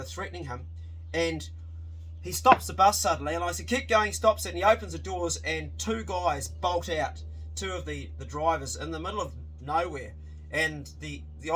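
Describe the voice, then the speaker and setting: Bloke telling a crazy travel story, kinda high-pitched, lively and sweary, stops and restarts a lot. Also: male voice, slightly rough. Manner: animated, swears freely, restarts sentences. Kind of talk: casual spoken storytelling.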